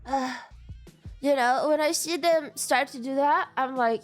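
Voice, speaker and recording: A woman's voice: extremely high pitch, expressive, slow, pauses often, a bit bright, faint music behind. A young woman streamer, freshly woken and sleepy, chatting casually with viewers, giggling and swearing. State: sleepy, just woke up. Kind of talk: casual livestream chat.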